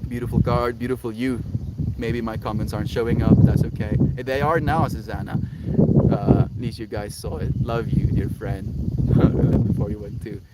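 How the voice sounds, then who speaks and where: A man's voice: on the low side, fairly even intonation, normal speed. A man livestreaming to his viewers in an earnest, rambling, affectionate way, talking outdoors in the countryside. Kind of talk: casual livestream chat to viewers. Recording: loud outdoor background noise.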